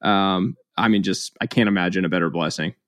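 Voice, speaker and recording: A man in his thirties speaks as a podcast guest in a fairly low voice. He tells his story candidly and reflectively, filling the gaps with "like" and "um". The recording is close and dry, with no room sound. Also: fairly quick, no echo. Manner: candid, heavy use of "like" and "um".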